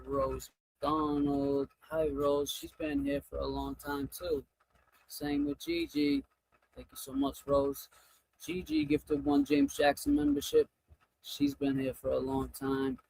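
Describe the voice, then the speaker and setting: Gravelly, lively-voiced man streaming. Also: high-pitched, takes it slowly, no echo, rough recording. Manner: animated, thanking viewers one by one. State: stressed and overwhelmed. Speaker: livestream host. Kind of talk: casual livestream chat, reading super chats.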